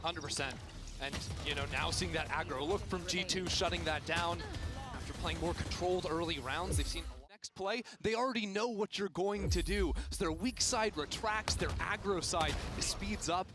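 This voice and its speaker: A man giving analytical color commentary on an esports match, breaking into hype shouts. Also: high voice, normal speed, over music. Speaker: esports caster.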